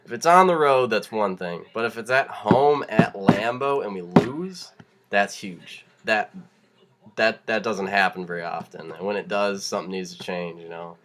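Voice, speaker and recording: A man's voice: lowish voice, moderate pace, a bit bright. Fired-up young man ranting. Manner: fired-up, laughing, rambling rant with restarts. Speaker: vlogger. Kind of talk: casual rant to camera.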